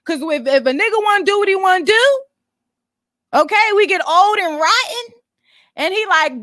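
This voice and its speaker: Brief: high, bright-toned woman host, blunt and foul-mouthed, casual commentary. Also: animated, moderate pace, long pauses, dry recording, clean studio sound. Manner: blunt, profane, explains business details to viewers.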